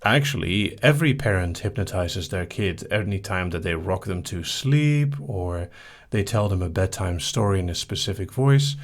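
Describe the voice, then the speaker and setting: A man hosting a live hypnosis stream, casually reading viewer questions aloud and answering them in a soft, easygoing way. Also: deep voice, animated, moderate pace. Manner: soft-spoken, easygoing, reads each question aloud then answers briefly.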